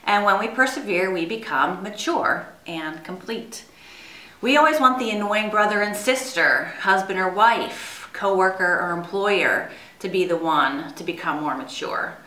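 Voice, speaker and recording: A woman's voice: mid-range voice, expressive, a little slow, pushed and bright. A woman giving an earnest devotional sermon to her church, asking many rhetorical questions. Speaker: church speaker. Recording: echoey room, far from mic.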